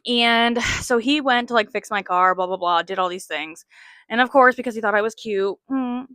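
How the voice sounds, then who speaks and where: Bright-voiced chatty woman in her late 20s. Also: on the high side, moderate pace, no room sound, clean studio sound. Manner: chatty, frequent "like" fillers, self-mocking. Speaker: podcast host. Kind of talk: casual storytelling monologue.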